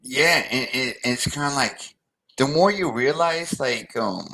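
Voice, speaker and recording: Slow-talking bright-voiced man. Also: medium pitch, expressive, rough recording. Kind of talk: casual chat.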